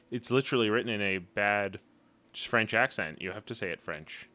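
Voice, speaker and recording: Game streamer, male, low-pitched, easygoing chatty delivery. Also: moderate pace, sharp tone. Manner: chatty, hums to himself while playing. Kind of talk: casual live-stream chat.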